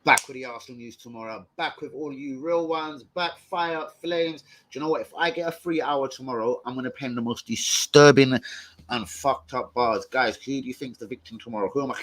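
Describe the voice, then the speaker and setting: A young man hosting a casual live stream, full of slang, swearing and excited banter. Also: medium pitch, brisk. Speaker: livestream host.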